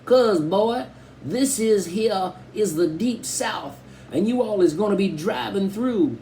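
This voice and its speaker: A man's voice: high-pitched, expressive, slow, dark tone, a little hiss or hum, voice pushed up, exaggerated voice. A man voicing a dad who mocks a twangy southern hick in an exaggerated drawl. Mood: mock-stern teasing.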